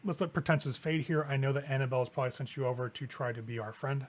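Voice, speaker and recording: A man's voice: mid-range voice, close to an everyday voice. Man voicing Sierra, a cool, poised vampire woman. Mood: cool polite. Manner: polite, measured and cool.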